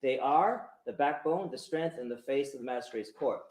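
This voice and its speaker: A man's voice: medium pitch, darkish tone. A man, a magistrate giving an earnest, emphatic formal speech in a courtroom. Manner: earnest, emphatic, slows for stress. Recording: roomy courtroom echo.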